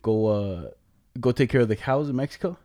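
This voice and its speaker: A man's voice: mid-range voice, expressive, a little fast, dark tone, no room sound, studio quality. A young man telling a family story in casual slangy chat, rambling as he goes.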